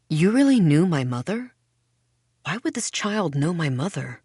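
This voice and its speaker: A woman reading a first-person mystery audiobook in a measured, hushed way. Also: sits low, sing-song, breathy edge, no echo, studio quality. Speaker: audiobook narrator. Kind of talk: scripted first-person narration.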